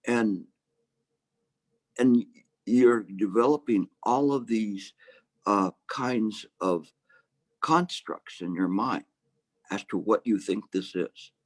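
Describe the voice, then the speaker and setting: A man teaching Chan meditation in a low, halting voice, circling back with fillers and restarts. His telling carries gentle humor. The sound is dry and close-miked. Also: no echo. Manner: hesitant, many restarts and fillers. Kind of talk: dharma talk.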